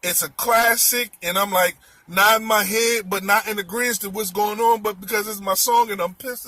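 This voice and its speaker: A man telling a comic story in an animated, exclaiming way, repeating his words. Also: high voice, normal speed.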